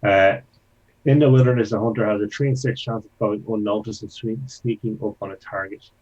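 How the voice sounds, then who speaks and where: A man playing a tabletop game, speaking deliberately with some hesitation. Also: on the low side, fairly even intonation, darkish tone. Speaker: player. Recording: dull lo-fi sound.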